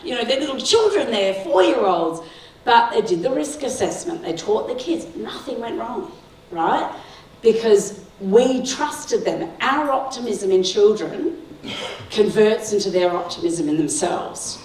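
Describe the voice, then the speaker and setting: A middle-aged Sri Lankan woman, invited as a guest speaker, addresses parents in a school hall, telling warm stories, laughing often, and asking the audience "right?". Her fairly high voice is animated and unhurried. The mic picks her up from a distance in an echoey hall with slight background noise.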